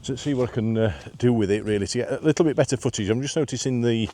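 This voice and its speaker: With no room sound, a mid-range warm male voice talks fast as he vlogs his walk on a breezy hillside path. He's winded from the climb, chatty and rambling, sprinkling in "uh" fillers and running himself down.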